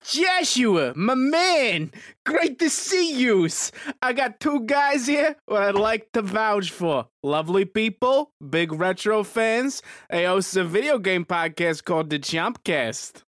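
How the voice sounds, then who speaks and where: A woman's voice: medium pitch, lively intonation, slow pace, dry recording, clean studio sound. A woman voicing a brash male Italian mobster caricature with a put-on Italian accent, in an improvised comedy skit. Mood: swaggering. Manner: swaggering, persuasive.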